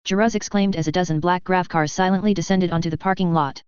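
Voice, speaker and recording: A woman's voice: on the low side, steady tone, fast talker, hardly any pauses, darkish tone, clear, resonant tone, no echo. Woman reading a story, dry close mic, kinda dull audio. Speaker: narrator. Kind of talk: audiobook narration.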